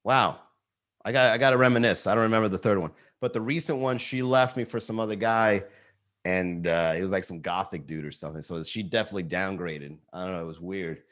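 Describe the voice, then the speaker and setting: A man hosting a live comedy podcast, telling stories casually with lots of swearing and sudden high excited outbursts. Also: fairly quick. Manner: animated storytelling, swearing, jumps into high excited voices for quotes. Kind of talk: casual live-stream chat. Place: Miami.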